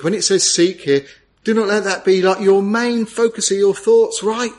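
Earnest preacher man, somewhat high voice. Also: moderate pace. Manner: earnest, tender, rising to emphatic peaks. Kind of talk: sermon.

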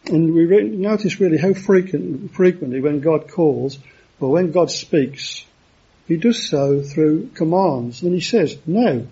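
A man preaching a sermon in a halting way, with many fillers and restarts. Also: a little high, dark tone, breathy edge, dull audio.

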